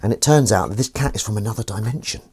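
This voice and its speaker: A man with a lowish voice talks fast over a noisy background, livestreaming from his kitchen while doing the dishes. Into a desk mic he rambles, mocks himself, and occasionally coos at his cat.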